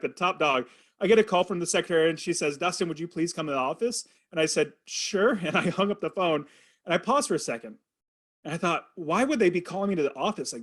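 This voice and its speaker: Man, forties, podcast guest, earnest animated storytelling, slightly high voice. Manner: earnest, animated storytelling with quoted inner thoughts. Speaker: podcast guest, real estate investor. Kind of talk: storytelling in an interview.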